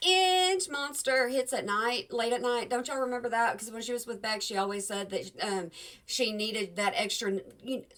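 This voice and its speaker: A woman's voice: a little high, moderate pace, fairly bright tone. A woman giving blunt, folksy, scolding commentary while reacting to a clip. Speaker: reaction channel host.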